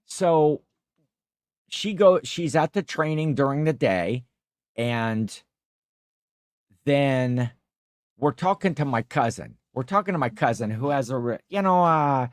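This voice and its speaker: A man's voice: mid-range voice, expressive, takes it slowly, long pauses, dry recording, studio quality. A man hosting a casual livestream chat, rambling through stories and reading out viewer comments. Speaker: livestream host.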